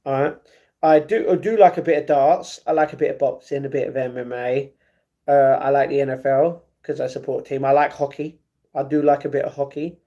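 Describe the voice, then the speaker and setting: A man's voice: mid-range voice, fairly even intonation, fairly quick, mellow, highs cut off. A young man from England chatting casually on a livestream, reading out comments and answering them, often repeating his phrases. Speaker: live streamer.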